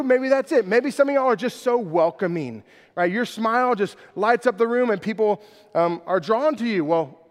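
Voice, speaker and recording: A man's voice: high voice, long reverb tail. A middle-aged man, preaching a conversational sermon in a church and often checking in with "right?". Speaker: pastor. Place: church hall.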